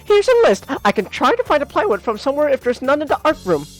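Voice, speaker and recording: A man voicing a bubbly, hyperactive teenage schoolgirl in a visual novel, squealing in a high sing-song. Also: wildly swooping pitch, quick pace, soft background music, full character voice. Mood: chirpy.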